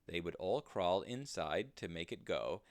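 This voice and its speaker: A man reads a children's storybook aloud in a low, unhurried voice. His pitch swings widely with sing-song expression. The recording is dry and close, with no room echo. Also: animated.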